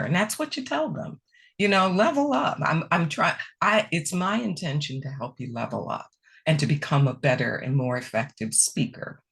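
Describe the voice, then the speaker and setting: A woman presenting a speaking workshop, answering questions in a conversational, emphatic way over a video call. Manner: conversational, animated pitch, repeats key phrases.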